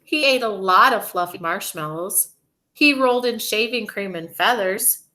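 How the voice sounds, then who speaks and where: A woman teacher reading a storybook aloud to children, slow, expressive and gentle. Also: mid-range voice.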